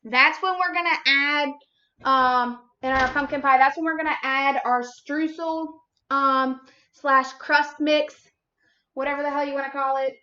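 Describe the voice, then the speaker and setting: A woman's voice: sits high, steady tone, a little slow, pushed and bright, highs cut off. A woman hosting a baking livestream, chatting casually with sassy, playful teasing and casual swearing. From United States. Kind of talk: casual chat while baking.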